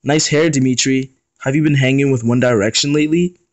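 A man's voice: medium pitch, fairly even intonation, brisk, lo-fi sound, natural voice. A young man voicing a cocky, teasing teenage boy in a school short story, with brash, mocking delivery.

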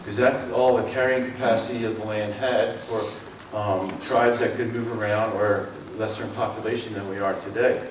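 A man's voice: fairly low pitch, fairly even intonation, normal speed, hardly any pauses, noisy background. Middle-aged man, Philadelphia and South Jersey accent, folksy rambling public talk, lots of fillers, echoey room, distant mic. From Mid-Atlantic US. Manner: folksy and rambling, with many fillers and self-corrections. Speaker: water district speaker. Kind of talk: public talk to a community forum. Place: meeting room.

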